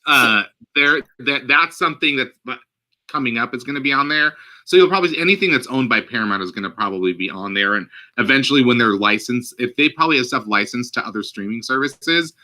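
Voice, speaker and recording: A man's voice: mid-range voice, expressive, brisk, pushed and bright. A man co-hosting a podcast in casual chat, rambling with frequent fillers and laughs. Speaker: podcast co-host.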